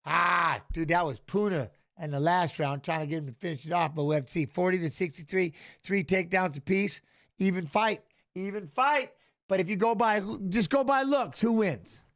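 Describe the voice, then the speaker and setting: A middle-aged man hosting a live fight watch-along, excitable and shouting at the fighters while chatting with viewers. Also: high-pitched. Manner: excitable, talks fast over the action, shouts at fighters. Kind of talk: live fight commentary and chat.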